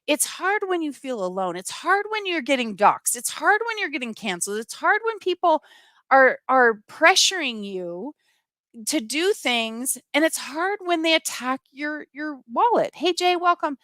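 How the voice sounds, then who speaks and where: A woman's voice: sits high, very animated, a little slow, sharp tone, no echo. A middle-aged woman hosting a livestream, talking earnestly and with passion to her viewers and reading out their comments. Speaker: livestream host. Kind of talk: live-streamed personal talk to viewers.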